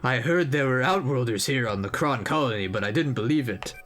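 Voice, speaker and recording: A man reading aloud the lines of an elderly male echidna historian from a game, in a mild, wistful, sentimental manner and a lively, swooping voice. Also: mid-range voice, a little fast, soft background music, natural voice.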